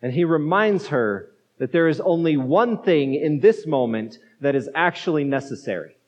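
A man's voice: on the high side, darkish tone. A male pastor preaching a sermon in a conversational way, asking his listeners rhetorical questions. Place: church sanctuary. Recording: dull lo-fi sound with long reverb.

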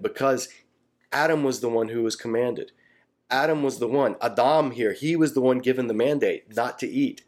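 A man's voice: medium pitch, darkish tone. A man teaching through a Bible passage in a casual, conversational way, animatedly acting out the people he quotes.

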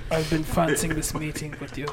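A man's voice: fairly high pitch, pitched below the performer's own voice. A man hamming up a dim brawler with a brogue. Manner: folksy, punctuated with 'aye'. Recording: loud background noise.

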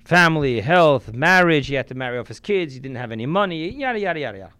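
A rabbi delivering a sermon in a smooth, resonant voice that sits a little high for a man. He preaches emphatically, swinging between loud and quiet, and drops in Yiddish and Hebrew religious terms. The sound is dry and close. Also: very animated, fast talker, dry recording.

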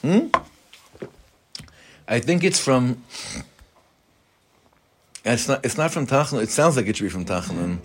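A man's voice: medium pitch, big pitch swings, measured pace, pauses often, husky. A man, a rabbi giving an informal Torah class in a conversational way, mixing Hebrew terms into his English and putting questions to the room.

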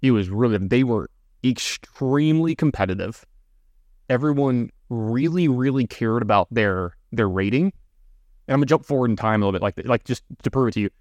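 A man co-hosts a podcast, telling long, casual stories packed with fillers and side remarks. His mid-range voice is lively in intonation, brisk, and slightly mellow. The recording is dry, with the high frequencies cut off.

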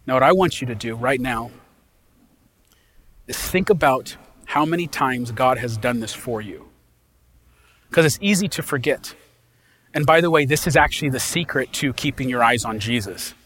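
A pastor delivering an impassioned sermon in a folksy, casual way, swinging from loud emphasis to hushed quiet. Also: male voice, medium pitch, animated, normal speed, long pauses, slight background noise.

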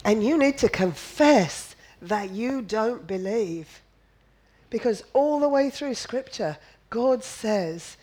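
A woman's voice: fairly high pitch, expressive, takes it slowly, warm tone, low-quality recording. A woman preaching a sermon, emphatic and repetitive, firing off rhetorical questions and slipping in playful jokes. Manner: drops in playful asides and jokes.

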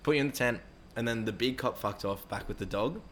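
Fast-talking young man, swearing. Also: medium pitch, slight background noise. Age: young adult. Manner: fast, rambling, acts out quoted voices. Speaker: interviewee. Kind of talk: casual storytelling with heavy swearing.

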